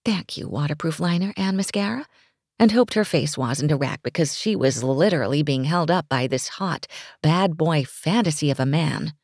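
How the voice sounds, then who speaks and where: A woman reads a romance story aloud with a low, gravelly voice. She narrates expressively, with a breathy touch in places. The sound is close and dry, with no room around it. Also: moderate pace, a little mellow, no room sound. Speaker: audiobook narrator.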